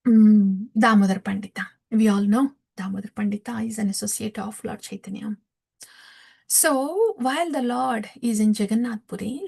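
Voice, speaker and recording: A woman giving a scripture class who tells a story in a soft voice, often sinking to a breathy near-whisper. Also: on the high side. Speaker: scripture teacher.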